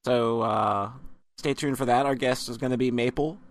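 A man's voice: medium pitch, fairly even intonation, dry recording. Stammering man hosting a podcast. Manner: halting, stammering, repeating words. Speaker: podcast host. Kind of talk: casual podcast sign-off.

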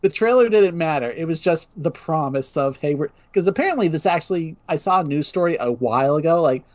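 A man's voice: on the high side, lively intonation, brisk, a little mellow, muffled recording. A man co-hosting a casual podcast, telling stories with enthusiasm and frequent laughter. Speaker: podcast co-host.

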